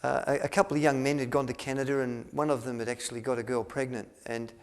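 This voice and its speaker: A man's voice: medium pitch, flat delivery, fast, clear, resonant tone. A man telling a story to an audience, rambling with many restarts and fillers. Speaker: speaker at a health retreat.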